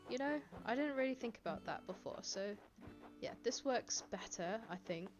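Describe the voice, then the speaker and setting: A woman's voice: on the high side, lively intonation, moderate pace, highs cut off, soft background music. A woman chatting casually to her live-stream chat from home, laughing often and reading viewers' comments aloud. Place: home, indoors. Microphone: desk microphone.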